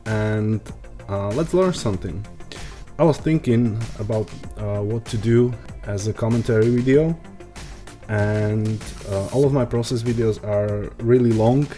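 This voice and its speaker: A man with an Eastern European accent giving a screen-recorded software tutorial, pausing often with uh and um. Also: fairly low pitch, faint music behind. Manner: hesitant, frequent uh and um fillers.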